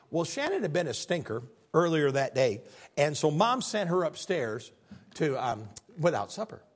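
A man preaching a sermon in church, telling stories with big swings from loud excitement to hushed earnestness. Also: medium pitch, breathy edge.

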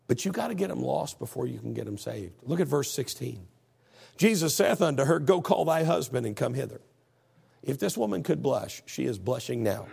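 Male pastor, gravelly and husky, folksy emphatic sermon delivery. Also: mid-range voice, darkish tone. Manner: folksy, emphatic preaching, reads scripture aloud.

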